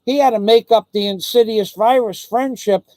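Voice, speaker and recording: High-voiced guy swearing his head off on a live stream, keeps repeating himself, dead dry room. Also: moderate pace, mellow, no echo. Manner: profane, heated, repeats phrases. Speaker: livestream host. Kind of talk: angry livestream rant.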